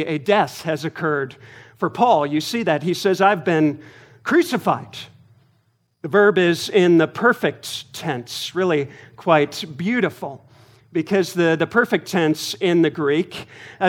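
A man with a notably high voice preaches a sermon at an unhurried pace. He lets his phrases land one by one and leans hard on key words, the way a pastor speaks to his congregation. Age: adult, married. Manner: deliberate, emphatic preaching with pauses and stressed words.

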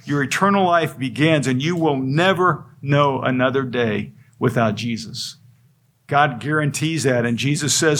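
Husky guy preaching a bible sermon, earnest, keeps repeating for emphasis. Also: mid-range voice, a little slow, a bit bright. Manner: earnest, repetitive emphasis, frequent restarts. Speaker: pastor. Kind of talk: expository sermon.

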